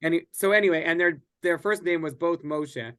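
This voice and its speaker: A man with a somewhat high voice leads a relaxed Bible class. He talks conversationally, doubling back and restarting sentences and filling pauses as he explains. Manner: conversational, many restarts and fillers. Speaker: teacher.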